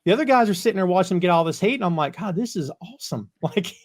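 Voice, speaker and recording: A man hosting a casual podcast chat who tells animated anecdotes. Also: high-pitched, rapid-fire. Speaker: podcast host.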